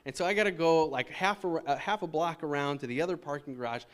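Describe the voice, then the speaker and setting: Man, thirties, pastor giving a relaxed, chatty sermon in church, slightly higher voice. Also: fast talker. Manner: conversational preaching with frequent restarts and fillers. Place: church sanctuary.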